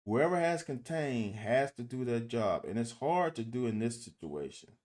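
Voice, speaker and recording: A man giving casual commentary on football game film. He talks to viewers directly and critiques the plays in an animated, exasperated way, with swearing. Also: mid-range voice, normal speed. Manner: addresses viewers directly as "y'all". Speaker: football film breakdown host.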